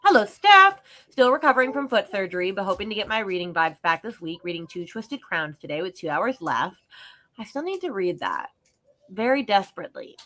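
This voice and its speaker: A woman co-hosting a livestream, chatting casually and reading viewer messages aloud, bubbly and giggly. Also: medium pitch. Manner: bubbly, giggly, talks fast and animated. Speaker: livestream co-host.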